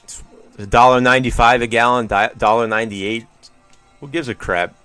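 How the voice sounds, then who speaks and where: While playing a video game on stream, he muses wryly to chat, rambling and cursing casually. His voice is medium-pitched, pushed and bright, clear and resonant, with fairly even intonation at a moderate pace. There's no room sound, just faint music behind.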